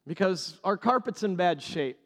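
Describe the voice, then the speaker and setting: A male pastor preaching a sermon, animated and repeating key phrases for emphasis. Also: high-pitched, normal speed, big-room sound.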